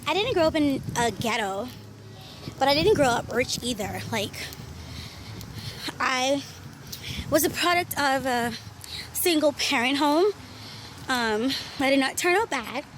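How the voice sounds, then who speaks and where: A woman's voice: high-pitched, animated, a little slow, long pauses, fairly bright tone. A young Bahamian woman talking candidly in a casual vlog while walking uphill outdoors in the heat, a little out of breath. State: slightly out of breath. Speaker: vlogger. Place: outdoors in hot sun. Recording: noisy outdoor background.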